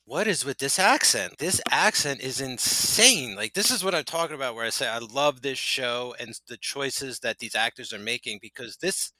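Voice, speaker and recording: A podcast co-host chats casually and rambles with plenty of filler words. His medium-pitched voice is animated, bright, and forceful, at normal speed with hardly any pauses, on a dry recording.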